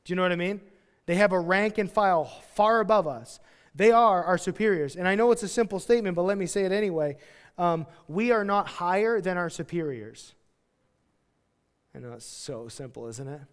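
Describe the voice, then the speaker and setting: A man preaching a sermon as pastor, chatty and self-deprecating, with quick acted-out quotes. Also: high voice, long reverb tail. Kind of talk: verse-by-verse sermon. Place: church sanctuary.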